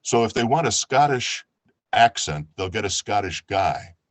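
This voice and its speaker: A man from New York, an audiobook narrator, talking casually over a video call in a relaxed, chatty way. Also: on the low side, unhurried, dry recording. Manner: relaxed, chatty, with fillers and restarts.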